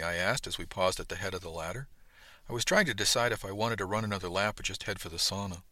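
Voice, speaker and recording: Guy reading a sci-fi audiobook in first person, lowish voice but bright and punchy, super dry close mic. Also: a little fast, no room sound. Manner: steady storytelling, quiet tags. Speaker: audiobook narrator. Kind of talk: scripted first-person narration.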